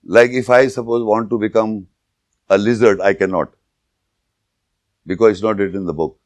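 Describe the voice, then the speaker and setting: A man giving an informal religious lecture, telling jokes and anecdotes and pausing to search for words. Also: on the low side, fairly even intonation, darkish tone, no room sound. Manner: anecdotal, joking, with searching pauses and restarts. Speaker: Islamic lecturer.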